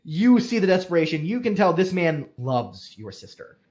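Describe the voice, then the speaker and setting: Man, game master, casual halting narration, tabletop game. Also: on the high side, sing-song, darkish tone. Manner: casual, halting, voices characters in quick asides.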